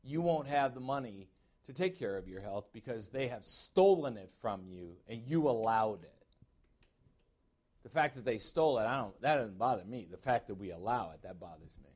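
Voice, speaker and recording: This middle-aged Chicago pastor-teacher, from the USA, preaches in an animated, slightly mellow mid-range voice at a normal pace. His sermon is emphatic, and he addresses direct questions to his congregation.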